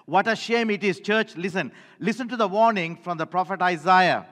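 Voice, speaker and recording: Male preacher, high-pitched, emphatic and repetitive, in a reverberant church hall. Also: normal speed, fairly bright tone. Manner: emphatic, repeats phrases for the congregation. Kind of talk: sermon.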